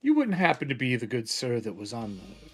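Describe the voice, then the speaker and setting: A man's voice: mid-range voice, wildly swooping pitch, fairly quick, breathy edge, faint music behind, pitched below the performer's own voice, full character voice. Man doing a secretive old historian. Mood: probing. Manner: polite but guarded, presses with questions.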